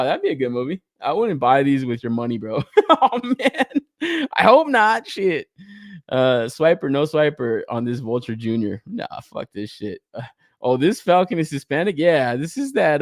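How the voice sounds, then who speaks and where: Animated swearing young man, dry mic. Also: medium pitch, dry recording. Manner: animated, swears freely, laughs often. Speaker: podcast host. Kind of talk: casual toy-collector chat reacting to reveals.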